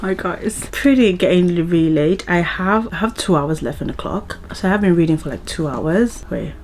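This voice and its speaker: A young woman chatting excitedly at home in a casual reading vlog, rambling and restarting as she gushes about books. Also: on the low side, normal speed, slight background noise. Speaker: book vlogger. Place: home, indoors.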